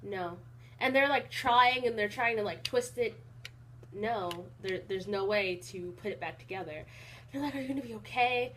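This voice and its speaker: A young woman talking casually in a rambling vlog, with an even, not very emotional delivery and lots of fillers. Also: medium pitch, measured pace, noisy background. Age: young adult. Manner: rambling with many fillers and restarts. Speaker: college vlogger.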